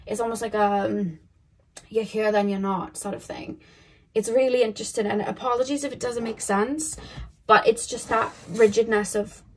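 A woman's voice: fairly high pitch, fairly even intonation, moderate pace. A young woman giving a casual tarot reading, talking in a rambling, questioning way with many fillers and restarts. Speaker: tarot reader.

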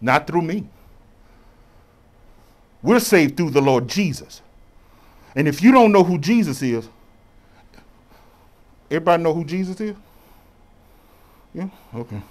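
A bishop preaching from the pulpit in a high, lively voice that swoops up and down. He talks in a loose, colloquial way and keeps drawing the congregation into call and response. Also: measured pace, long pauses. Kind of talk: sermon.

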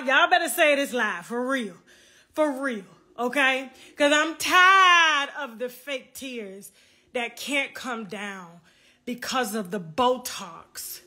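Woman livestream host, high lively voice, taunting and repetitive, slow bright delivery. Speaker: online show host. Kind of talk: livestream commentary rant.

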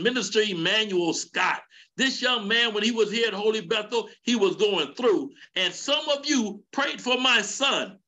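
High, bright-voiced fervent preaching man. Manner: fervent, preaching cadence with rising shouts. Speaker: elder teaching a men's session. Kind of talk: sermon.

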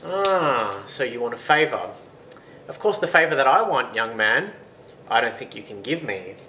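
A man voicing a blind, hairy male giant who speaks in loud, raised exclamations, in a roomy recording with faint noise. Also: mid-range voice, expressive, normal speed. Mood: wary. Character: blind hairy giant hermit, gruff and surprised.

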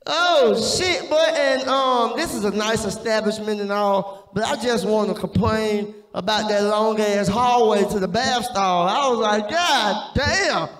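A man's voice: high-pitched, a little slow, few pauses, a bit bright. A man doing a stand-up set on a small club stage, profane and often laughing at his own jokes. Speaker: stand-up comedian. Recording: echoey room, long reverb.

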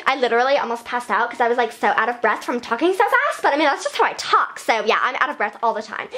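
A woman's voice: fairly high pitch, lively intonation, fast talker, sharp tone. A woman voicing a vain, ditzy female fashion doll, rambling in breathless valley-girl chatter in a hyper improvised vlog. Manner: rambling and scatterbrained. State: breathless from talking fast. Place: bedroom at night.

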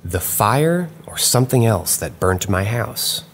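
A man narrating true paranormal stories in a measured, dramatic way, drawing out key phrases slowly. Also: lowish voice, sing-song, a little hiss or hum. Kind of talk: scripted narration.

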